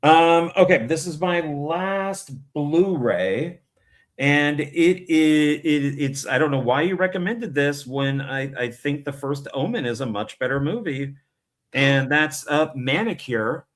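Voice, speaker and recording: A man co-hosting a casual movie haul show, making joking, teasing deadpan asides. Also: fairly high pitch, slow. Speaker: co-host of a physical media haul show. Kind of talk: casual chat.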